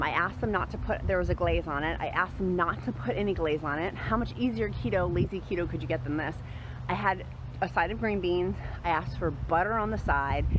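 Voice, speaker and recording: A woman in her thirties, a mother and vlogger, chatting casually and upbeat to camera and laughing easily. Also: lowish voice. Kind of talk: casual vlog chat to camera. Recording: background noise from cars and outdoors.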